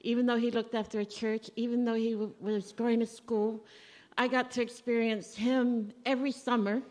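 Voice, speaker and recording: A woman's voice: fairly high pitch, flat delivery, normal speed, a little mellow. A woman giving a eulogy for her father at a family funeral service, telling stories conversationally and acting out remembered dialogue. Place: church. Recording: long reverb of a church hall.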